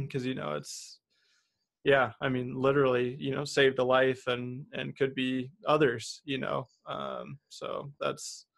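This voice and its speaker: Man, gravelly voice, flat monotone, halting host reactions, a little off-mic. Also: medium pitch. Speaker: podcast host. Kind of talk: casual interview.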